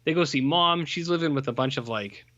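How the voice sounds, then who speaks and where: A man's voice: a little high, fairly quick, dry recording, dull audio. A man co-hosting a podcast, reviewing a film in casual, rambling chat with lots of fillers and mocking put-on voices. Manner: rambling, animated, full of fillers, mocks characters in put-on voices. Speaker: podcast co-host.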